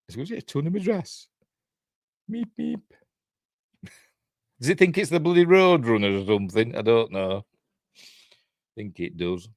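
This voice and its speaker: A man's voice: deep voice, dry recording, clean studio sound. An older man with a Yorkshire accent giving a casual, rambling watch-along review, chuckling often. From Yorkshire, England. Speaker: reviewer and channel host.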